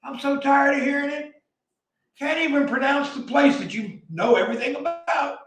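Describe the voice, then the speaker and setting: A man from the American South with a Southern accent, delivering a blunt, heated opinion rant as a vlogger and often shouting. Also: very high-pitched, steady tone, moderate pace, echoey room, recorded from a distance, low-quality recording.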